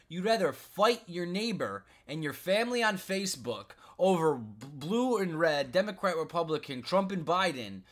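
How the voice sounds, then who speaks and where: A man's voice: fairly high pitch, very animated, moderate pace, few pauses. Frustrated man ranting about politics. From United States. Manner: frustrated, repetitive, says bro and like. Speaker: commentary vlogger. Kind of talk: political rant.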